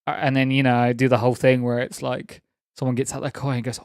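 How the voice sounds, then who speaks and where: Man, young adult, streamer, casual rambling chat, mid-pitched voice, dry close sound. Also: little pitch movement, fairly quick, a little mellow, no echo. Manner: rambling, laughing, teasing chat.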